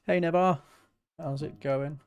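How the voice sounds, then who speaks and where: British man, casual stream chat, relaxed, self-mocking, close dry mic. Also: on the high side, a little slow, clear, resonant tone, no room sound, highs cut off. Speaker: music producer hosting a livestream.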